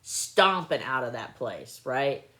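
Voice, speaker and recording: Low-voiced woman telling chatty stories. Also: slow pace. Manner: chatty, animated anecdotes with bursts of laughter. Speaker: livestreamer recalling clinic work. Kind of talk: casual live-stream storytelling.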